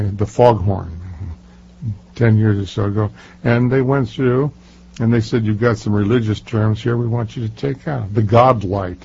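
An older man with a low, gravelly, husky voice, telling anecdotes in an interview and pressing his points hard. He talks with plenty of ums and restarts, and his voice sounds dark and mellow. The recording is muffled and lo-fi. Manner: emphatic, storytelling, many fillers and restarts. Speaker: author being interviewed. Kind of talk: casual interview talk.

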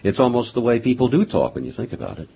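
A man hosting a radio interview in a studio, speaking in a relaxed, measured way with filler pauses. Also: mid-range voice, vocal fry, slightly rough, dull audio. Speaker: radio host.

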